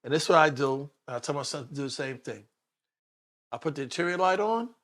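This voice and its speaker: Animated high-pitched New man. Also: fast. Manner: animated, acts out the voices of people in his story. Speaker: police detective. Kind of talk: storytelling in a conversational interview.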